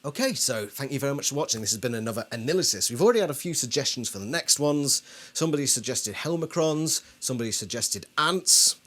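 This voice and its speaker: Chatty man with a lively pitch. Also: fast talker. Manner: conversational, asks the audience questions. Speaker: video host. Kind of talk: casual commentary.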